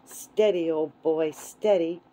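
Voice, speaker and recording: A woman voicing a calm, resourceful boy adventurer who speaks politely and reassuringly. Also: low-pitched, slow, low-quality recording.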